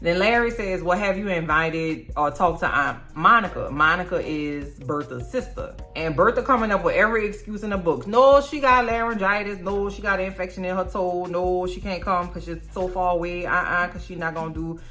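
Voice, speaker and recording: A woman's voice: lowish voice, a little fast, hardly any pauses, fairly bright tone, faint music behind. A young woman giving a sassy, slangy, opinionated recap of a TV episode. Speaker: TV recap vlogger. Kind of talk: casual TV recap commentary.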